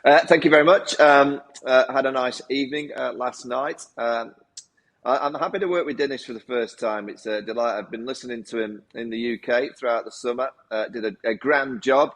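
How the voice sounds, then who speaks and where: A man talking as a cricket pundit, halting with fillers and dry humor. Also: mid-range voice, fairly bright tone. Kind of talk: casual chat.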